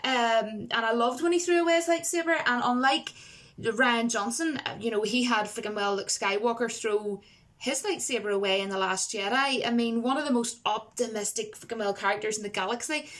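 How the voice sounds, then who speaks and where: Chatty woman, rambling emphatic review. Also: on the high side. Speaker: film reviewer. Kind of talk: casual to-camera review.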